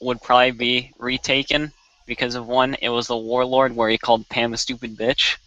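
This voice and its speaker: A podcast guest reflecting casually on a memorable improv moment, a bit halting. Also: mid-range voice, flat delivery, lo-fi sound, over a noisy crowd. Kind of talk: casual group chat.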